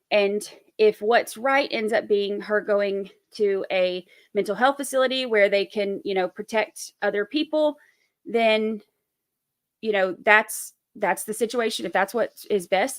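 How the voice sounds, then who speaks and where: A woman's voice: medium pitch, no echo, clean studio sound. A woman hosting casual live-stream commentary on a trial, rambling with many fillers and restarts.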